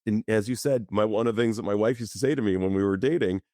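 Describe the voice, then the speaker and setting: A man with a fairly low voice talks as a psychologist guest on a podcast. He tells stories in an animated, expressive way. The close mic gives a dry sound with almost no room. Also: quick pace, no echo. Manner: lively, expressive storyteller. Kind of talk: conversational podcast interview.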